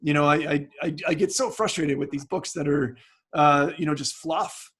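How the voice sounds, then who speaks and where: A chatty man talks casually as an interview guest, his voice sitting a little high for a man. He starts sentences over, leans on fillers, and comes through a video call. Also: fairly even intonation, normal speed, a bit bright, husky. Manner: chatty, many restarts and fillers. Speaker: guest author.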